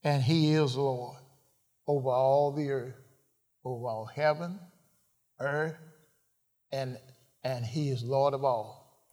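A man preaching a sermon, unhurried, asking rhetorical questions and rising to sudden emphatic lines. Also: medium pitch, fairly even intonation, mellow. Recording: long reverb of a large hall.

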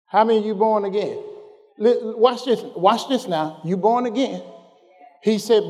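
A man preaches a sermon, tossing questions to the congregation and stretching out scripture slowly. His voice sits high and climbs further as he builds. Long church-hall reverb trails every phrase. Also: a little mellow. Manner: call-and-response, questioning the congregation; drawls scripture slowly, rising in pitch as he builds.

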